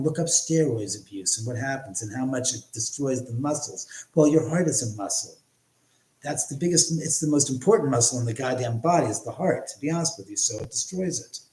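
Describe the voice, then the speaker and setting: A man's voice: medium pitch, darkish tone, roomy sound, low-quality recording. A man hosting a casual livestream from his home, rambling and swearing as he chats with viewers. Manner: rambling, profane, chatty with viewers. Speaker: livestream host.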